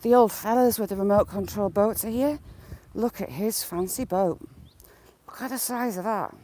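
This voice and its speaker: A woman's voice: mid-range voice, normal speed, dark tone, poor audio. A woman live-streaming on a phone while walking beside a lake, chatting and making teasing, sarcastic remarks. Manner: chatty and teasingly sarcastic, greeting viewers by name. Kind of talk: casual live-stream chat.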